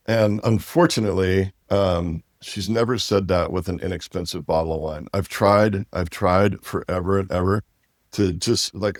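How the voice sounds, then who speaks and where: Man, very low voice, dry close sound, chatty interview guest, fillers and restarts. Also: fairly even intonation, moderate pace, a little mellow, no room sound. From Walla Walla Valley, Washington. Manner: rambling, many fillers and restarts, laughs easily. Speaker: winery owner and interview guest. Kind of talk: casual interview conversation.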